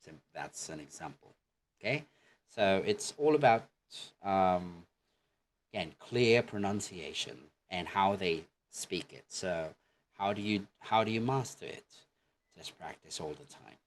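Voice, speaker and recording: Slow, deep-voiced man teaching pronunciation. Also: animated, slight background noise. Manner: patient, repeats example phrases slowly for learners. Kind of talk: online language lesson with repeat-after-me drills.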